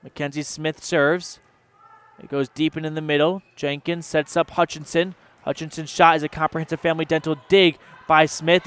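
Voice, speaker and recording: A man calling a volleyball match as play-by-play announcer on local radio, reading rapid action with sponsor mentions. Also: fairly high pitch, little pitch movement, fairly bright tone, clean tone. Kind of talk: local radio sports commentary.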